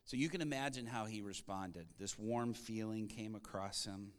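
A man's voice: lowish voice, moderate pace, in a large hall. A man, a pastor, telling a story in a sermon and acting out the people in it. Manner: animated storyteller acting out quotes. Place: large church hall.

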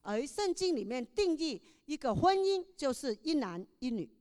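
A woman interpreting a pastor's sermon live in a church, quick and expressive. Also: sits high, big-room sound. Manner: quick, expressive delivery that mirrors the preacher. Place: large church hall.

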